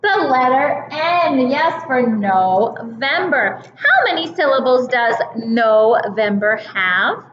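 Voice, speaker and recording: A young woman teaching a kindergarten calendar lesson, slow, sing-song and encouraging, stretching out her words. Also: high-pitched, sing-song, roomy sound, muffled recording, slight background noise.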